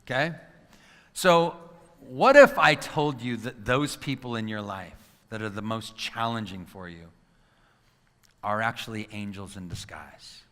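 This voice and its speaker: A man's voice: lowish voice, measured pace, pushed and bright. A middle-aged man giving a motivational talk to a live audience, acting out scenes in his stories and quizzing the crowd. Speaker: motivational speaker and coach. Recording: long reverb of a large hall.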